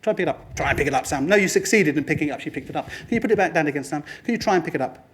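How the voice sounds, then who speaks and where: A man giving a lively motivational presentation to a room, addressing the audience and slipping into other people's voices for quoted lines. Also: a little high, very fast, slight background noise. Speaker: speaker at a training talk.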